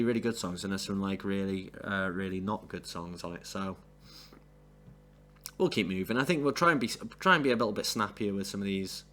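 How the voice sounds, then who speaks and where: A man with a somewhat low voice talks through an album in a loose, casual review. He rambles, doubling back with fillers and restarts as he goes. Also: a bit bright. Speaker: music reviewer.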